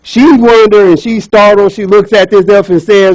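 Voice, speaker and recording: A man telling a folk tale to a club audience, chatty and lively with asides to the crowd. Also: high voice, normal speed, no echo, rough recording. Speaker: speaker at a speaking club. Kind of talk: storytelling speech.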